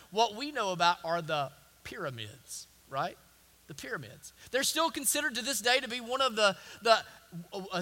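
A man's voice: very high-pitched, sharp tone. A male pastor preaching a sermon in an emphatic style, repeating words and phrases for weight.

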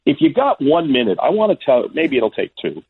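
A man in his sixties from Florida, a guest sportscaster telling stories in a phone interview, animated and stammering on restarts. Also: medium pitch, a little fast, no room sound. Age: 60s. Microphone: telephone. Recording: husky, dry phone line.

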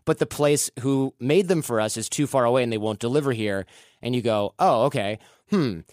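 A man's voice: medium pitch, fairly quick, darkish tone, no echo. Male host, storytelling delivery, dry close-mic sound. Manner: storytelling, acts out quoted dialogue. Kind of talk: casual conversational advice.

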